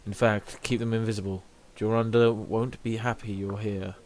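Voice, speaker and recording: A man reading aloud the lines of a grim male giant warrior in a video game, giving grave warnings in a low voice. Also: little pitch movement, normal speed, a little mellow, slight background noise, lightly acted.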